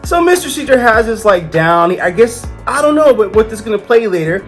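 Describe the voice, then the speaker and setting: Dude doing a chill comic review, goofy side comments, lively up-and-down voice, faint music. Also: male voice, sits high, brisk. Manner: jokey, rambling asides. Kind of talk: casual comic review narration.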